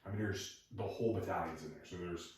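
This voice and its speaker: A man's voice: low-pitched, quick pace, darkish tone. A man hosting a podcast, telling stories in a laid-back, easygoing way. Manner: laid-back storyteller, laughs easily. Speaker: podcast host. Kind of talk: casual interview conversation. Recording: echoey room, far from the mic.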